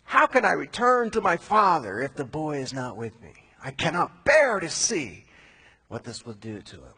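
A man's voice: on the high side, very animated, moderate pace, sharp tone, slightly rough, heavily acted. A man voicing a desperate older brother who begs in an anguished, raised voice during a sermon retelling. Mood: desperate pleading.

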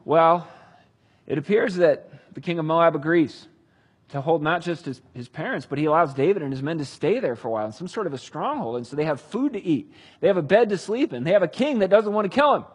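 Man, Bible teacher, husky and slightly high, lively storytelling. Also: brisk. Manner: animated, conversational. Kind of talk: casual Bible storytelling with commentary.

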